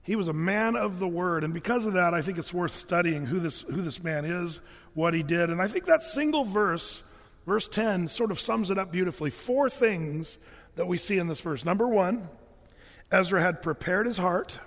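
In a church sanctuary with a big-room sound, a pastor gives a conversational, jokey sermon with frequent restarts. His high-pitched voice is animated and fairly bright in tone, at a normal speed.

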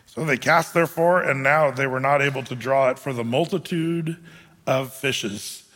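A man's voice: medium pitch, moderate pace, a bit bright, big-room sound. A male pastor preaching a casual, conversational sermon, with frequent fillers and restarts, acting out the lines he quotes.

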